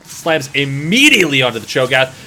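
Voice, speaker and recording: A man's voice: medium pitch, very animated, brisk, pushed and bright, slight background noise. A man doing play-by-play esports commentary with jokey, playful banter. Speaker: esports caster.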